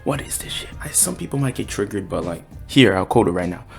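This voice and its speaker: A man giving a casual, excited chapter review, talking in slang and acting out the characters' lines. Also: on the low side, brisk, gravelly, soft background music. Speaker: anime and manga reviewer.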